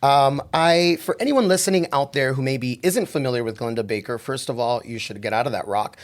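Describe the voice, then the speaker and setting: A man's voice: medium pitch, brisk. A man hosting an interview podcast, introducing his guest with enthusiasm and frequent "you know" fillers. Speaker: podcast host.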